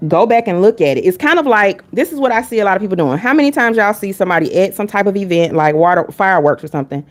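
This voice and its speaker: A woman's voice: mid-range voice, expressive, quick pace. A woman reading tarot on a live stream, talking casually and bluntly. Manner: candid and blunt, chatting with chat between readings.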